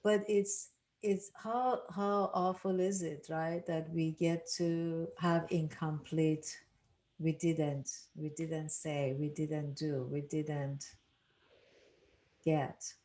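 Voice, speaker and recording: A woman guides a grief recovery workshop in a calm, unhurried way. Her voice sits a little low, and she speaks slowly, returning to phrases as she thinks aloud. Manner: gentle, unhurried, repeating phrases. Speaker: workshop leader.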